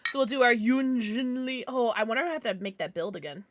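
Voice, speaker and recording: Talking fast in a fairly high voice, a bubbly woman streams live and chats casually with her viewers. She laughs a lot and keeps cooing over her pets.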